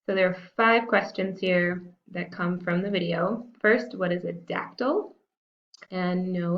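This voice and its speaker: A woman's voice: on the low side, fairly even intonation, measured pace, creaky, muffled recording. A woman teacher talking students through a recorded lesson in a casual, self-deprecating way, with frequent fillers. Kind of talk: recorded classroom lesson walkthrough.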